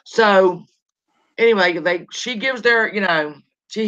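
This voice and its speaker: Woman host, rambling gossip chat, bright and tense, dull lo-fi recording. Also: medium pitch, slow. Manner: chatty, rambling, greets viewers mid-story. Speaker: show host. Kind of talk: casual gossip livestream. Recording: lo-fi dull sound.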